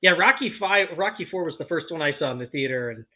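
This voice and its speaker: A man's voice: on the high side, expressive, fast talker. A man co-hosting a live movie watch-along, chatting casually and laughing often. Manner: chatty, laughs often, reads the chat aloud. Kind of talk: casual chat. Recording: tinny lo-fi mic with static.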